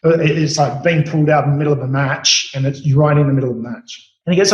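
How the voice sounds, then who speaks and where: A man's voice: a little high, fast, roomy sound, lo-fi sound, slight background noise. A middle-aged Australian man, a chef, telling stories casually in an interview, rambling with many fillers and restarts. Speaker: chef, podcast guest.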